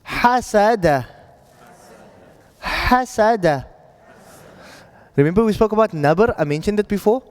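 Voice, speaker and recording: A man's voice: sits high, quick pace, few pauses, darkish tone, long reverb tail. A man teaching an Arabic reading class, talking patiently and checking in with his students often. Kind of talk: classroom lesson.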